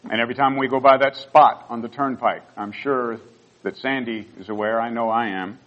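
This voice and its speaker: A man's voice: mid-range voice, steady tone, moderate pace, muffled recording. An older man, a pastor, telling personal stories in a sermon in an earnest, heartfelt way. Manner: earnest storytelling, rising emotion at key moments.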